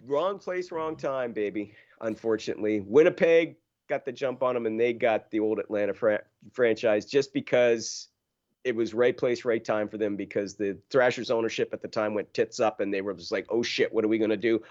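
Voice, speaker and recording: A man's voice: fairly low pitch, normal speed, a little mellow, muffled recording. A man co-hosting a sports talk show, chatting loosely and cursing freely, often laughing. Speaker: podcast co-host. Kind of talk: casual sports chat.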